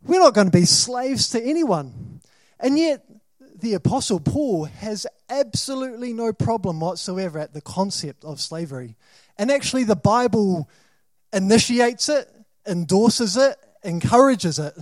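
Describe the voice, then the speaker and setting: Man, New Zealand accent, sermon, high voice, dry close sound, probing questions. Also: very animated, measured pace, no room sound. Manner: questioning, dramatic, rising to emphatic bursts. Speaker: preacher.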